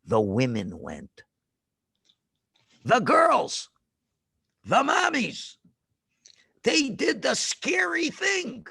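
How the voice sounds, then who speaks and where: A rabbi telling a lesson story to children over a video call, dramatic and full of questions to the kids. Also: male voice, very high-pitched, huge pitch swings, drawn-out words, creaky, long pauses, sharp tone, breathy edge, no echo, studio quality.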